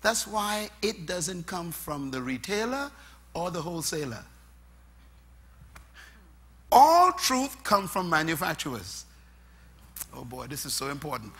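A man preaching a sermon, emphatic and point by point, swinging between loud bursts and soft asides. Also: a little high, big pitch swings, a little slow, pauses often, a little hiss or hum.

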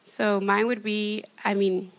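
A shy woman giving a personal testimony, retelling her story in an earnest, halting, conversational way. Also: medium pitch, little pitch movement. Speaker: testimony guest.

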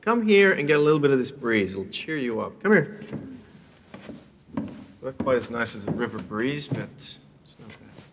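A man's voice: mid-range voice, lively intonation, moderate pace, long pauses, in a large hall, noisy background, lightly acted. An actor playing a playful, cocky male consultant in a TV drama, talking in a teasing, breezy, coaxing way. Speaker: police consultant. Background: faint film score music.

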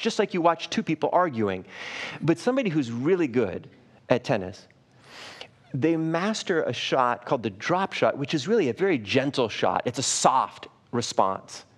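A man preaching a sermon as pastor of a church live stream. He speaks earnestly, restarts and repeats words often, and slows down and softens on key phrases. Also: a little high, very animated.

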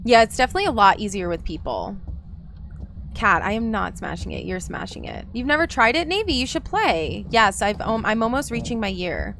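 A woman's voice: medium pitch, very animated, fairly quick, creaky, fairly bright tone, a little hiss or hum. A woman streaming a game, chatting casually and talking to her viewers by name. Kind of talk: casual live-stream chat while gaming.

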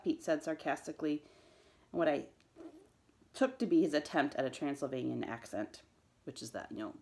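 A woman, a school librarian, reading a chapter book aloud to students, her voice jumping high for the children's lines. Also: expressive, brisk.

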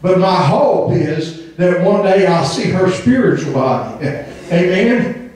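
A man preaches with a fervent, emphatic delivery, peppering his sermon with amens and now and then singing a phrase. His voice sits high for a man. He sounds far from the mic in a very echoey church hall. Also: expressive, takes it slowly, a little mellow. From Southern Indiana. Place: church sanctuary.

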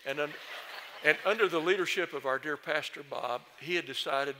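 An older man, a former committee chairman, telling gently humorous stories in a speech at a church celebration. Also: medium pitch, vocal fry. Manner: folksy, gently humorous storyteller. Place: large church sanctuary. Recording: long church reverb.

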